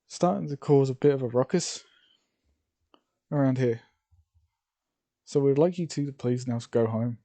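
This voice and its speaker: A man's voice: medium pitch, mellow, lightly acted. A man voicing a stern young teacher, Uraraka. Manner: firm, scolding.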